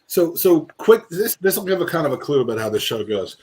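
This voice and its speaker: A man's voice: a little high, sing-song, fairly quick, darkish tone, breathy edge. A man hosting a podcast as a casual live-stream chat, rambling and joking with many restarts. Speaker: podcast host.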